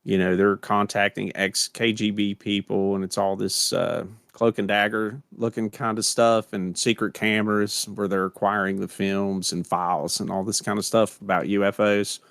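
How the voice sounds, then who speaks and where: A man's voice: fairly low pitch, little pitch movement, moderate pace, gravelly, hardly any pauses, fairly bright tone, no echo, studio quality. An American man co-hosting a podcast, chatting casually in a rambling, conversational way with plenty of fillers. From United States. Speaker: podcast co-host.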